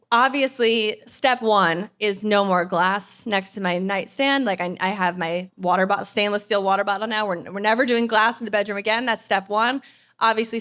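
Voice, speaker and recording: A woman in her thirties, a podcast host, telling a personal story to a live audience with animated delivery, acting out quoted lines. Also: medium pitch.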